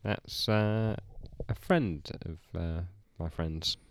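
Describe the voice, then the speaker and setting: Smooth-voiced, low man. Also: no room sound. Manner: easygoing, halting with fillers. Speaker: podcast host. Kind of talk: casual chat.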